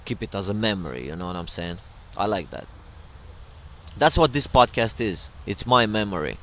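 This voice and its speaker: Middle-aged male podcast host, lowish voice, rambling casual monologue, faint background noise. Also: animated, moderate pace, a bit bright. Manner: rambling, loose and digressive with many fillers.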